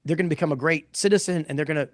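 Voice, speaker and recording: A middle-aged man presenting poll findings in a casual live talk, blunt and animated, rambling with restarts. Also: a little high, very fast, no echo, clean studio sound. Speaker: pollster presenting poll results.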